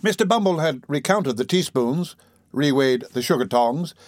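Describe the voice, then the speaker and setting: A man narrating a classic novel in a measured, even storytelling manner. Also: fairly high pitch, no echo, studio quality. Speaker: audiobook narrator.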